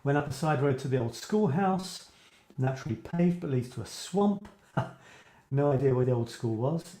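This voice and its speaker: A writing coach hosts a casual live show from an echoey room, his mellow mid-range voice moving at normal speed. He rambles and muses aloud while reacting to what viewers post.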